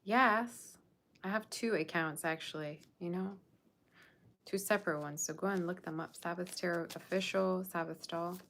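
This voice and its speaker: A woman's voice: on the low side, moderate pace, a bit bright, slight background noise. A young adult woman hosting a tarot livestream, chatting casually and sassily teasing the viewers in her chat. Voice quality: sassy, teasing banter with the chat. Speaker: tarot reader livestream host.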